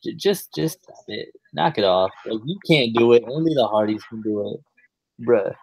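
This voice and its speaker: A man's voice: mid-range voice, lively intonation, moderate pace, gravelly, a little mellow, slightly rough, rough recording. A man co-hosting a podcast in a casual chat, blunt and dismissive.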